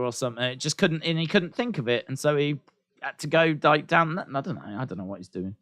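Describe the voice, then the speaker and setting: A man's voice: on the high side, expressive, fast, a bit bright, dry recording. A man reacting live to a wrestling show, repeating lines and laughing at his own jokes.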